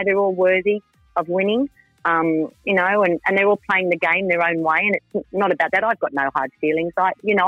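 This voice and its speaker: A woman's voice: fairly low pitch, no room sound, lo-fi sound. A woman, chatting frankly and ramblingly as a reality TV contestant in a radio interview. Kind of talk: casual radio interview chat.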